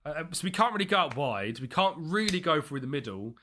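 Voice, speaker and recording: A man's voice: on the high side, very animated, a little fast, bright, forceful tone, slight background noise. A man chatting as he streams a football management game, reacting to the match and his chat. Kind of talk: live gameplay commentary.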